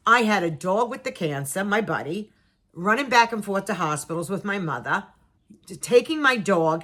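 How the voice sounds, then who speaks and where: A middle-aged woman spins a personal story for her viewers, voice at an ordinary middle pitch. She tells it dramatically, acting out her own and other people's lines and repeating words to drive the point home. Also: pushed and bright. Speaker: vlogger telling a personal story. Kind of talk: casual storytelling to camera.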